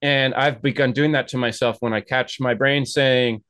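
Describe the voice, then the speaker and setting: Male host, chatty and rambling, mid-pitched, close dry sound. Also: fairly even intonation, moderate pace, a bit bright, smooth, dry recording. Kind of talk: casual interview chat.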